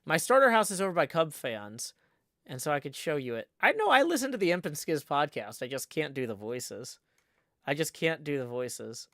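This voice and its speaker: A man's voice: a little high, very animated, normal speed, bright, forceful tone, no room sound, clean studio sound. A man chatting casually on a livestream, rambling and playful with lots of restarts. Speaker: livestreaming gamer.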